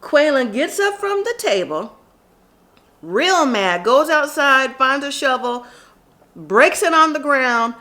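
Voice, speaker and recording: A woman's voice: high-pitched, animated, takes it slowly, sharp tone. A woman casually recapping a reality TV episode, chatty and opinionated, talking straight to the people she watches. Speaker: TV recap vlogger.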